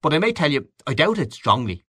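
A man's voice: fairly high pitch, sing-song, fairly quick, pushed and bright, no echo, clean studio sound, voice pushed up, full character voice. A man voicing a defiant older dinner guest. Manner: defiant, familiar.

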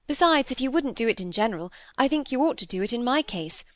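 A woman's voice: fairly high pitch, expressive, fast, voice pushed up, natural voice. A woman voicing an eager, candid young girl in an audiobook reading.

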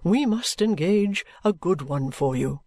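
A man reading as a kindly old guardian, slow and earnest, slightly higher than plain talk. The recording is dry and close. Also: expressive, a little mellow, no echo, heavily acted. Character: kindly older gentleman guardian, given to vehemence.

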